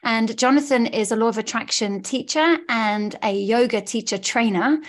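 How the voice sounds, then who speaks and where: Brit lady hosting a podcast, upbeat and gushy, kinda high voice. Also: normal speed. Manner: upbeat, gushing, warm encouraging patter. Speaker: podcast host, law of attraction coach. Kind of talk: casual podcast chat. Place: studio.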